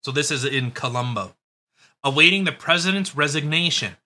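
Guy ranting on his podcast, blunt n sweary, really bright tone. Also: fairly high pitch, normal speed. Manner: blunt, sarcastic, profane. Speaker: podcast host. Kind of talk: casual chat.

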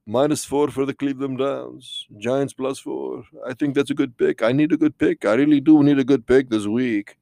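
A man's voice: mid-range voice, fairly even intonation, moderate pace, vocal fry, hardly any pauses, dark tone, no echo, close to an everyday voice. A man doing Count Sakula, a tipsy vampire. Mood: rambling. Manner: slurred, rambling, drunk-sounding. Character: tipsy male vampire count picking football bets.

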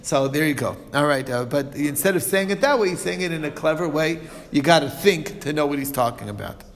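A man leads an informal religious study lesson, stumbling through fillers and restarts as he explains. His voice is somewhat high with a gravelly edge. The sound carries a long reverb, as in a large hall. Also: lively intonation. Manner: halting, many fillers and restarts, chuckles at own examples. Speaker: Talmud teacher.

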